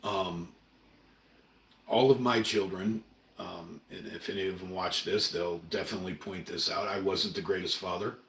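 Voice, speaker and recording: A middle-aged Oregon man hosts a livestream from a room at home, talking in an earnest, rambling, emotional monologue. His low-pitched voice is creaky yet fairly bright, with fairly even intonation at normal speed, and the roomy recording sounds distant and a bit off-mic.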